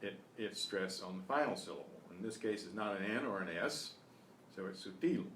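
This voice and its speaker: A man teaching a beginners' Spanish class online, explaining patiently and repeating each phrase slowly. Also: lowish voice, a bit bright, recorded from a distance. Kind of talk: online beginner language lesson. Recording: roomy echo with faint noise.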